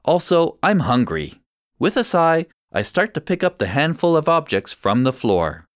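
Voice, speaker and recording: A male narrator reads a first-person story in a clear, measured way. His pitch moves in lively, animated swings, and the recording is dry and close with no room sound. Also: no echo.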